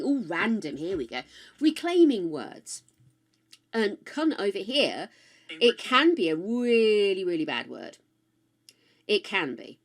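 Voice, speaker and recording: An older woman from the UK, chatting casually and frankly on a live game stream, swearing freely and tossing asides to her viewers. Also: medium pitch. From United Kingdom. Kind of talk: casual live-stream chat while gaming.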